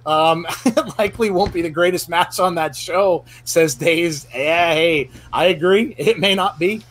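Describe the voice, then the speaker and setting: Male host for a chatty podcast panel, a touch high-voiced, often stops to restart his sentences. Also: measured pace, fairly bright tone. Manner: rambling, filler-heavy with frequent restarts. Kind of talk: casual podcast round-table chat.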